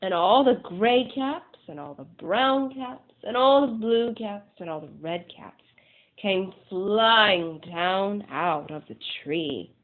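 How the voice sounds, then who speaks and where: A woman reading a children's picture book aloud with slow, deliberate pacing and dramatic pauses. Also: medium pitch, expressive, a little hiss or hum. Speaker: storyteller. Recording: tinny phone-like sound.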